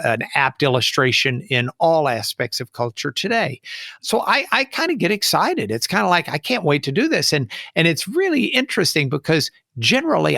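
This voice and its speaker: Guest attorney: a man with a bright, forceful voice, dry close sound, animated storyteller. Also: medium pitch, vocal fry, no echo. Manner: animated, folksy, acts out quoted voices. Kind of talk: anecdotal storytelling.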